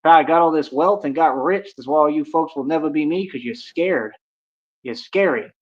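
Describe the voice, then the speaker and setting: A brash young man rants to his stream, swaggering and full of "like" as he talks himself up. His voice sits a little high for a man. The audio is dull and lo-fi. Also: moderate pace, slight background noise. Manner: brash, swaggering, heavy use of "like". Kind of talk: boastful rant to a stream audience.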